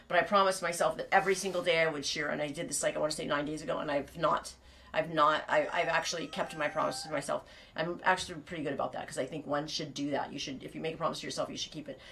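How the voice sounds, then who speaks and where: A woman with a slightly low voice chats casually on a live knitting stream from home on her farm. She rambles, restarts her sentences, laughs a lot and drops the odd swear word. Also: gravelly, fairly bright tone. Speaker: knitting show host and sheep farmer.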